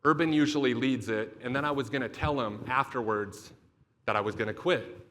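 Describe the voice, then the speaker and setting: A man's voice: medium pitch, a little fast, a bit bright, slight background noise. A young adult man giving a motivational keynote speech, telling a personal story in an emphatic, profane and confessional way. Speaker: motivational speaker.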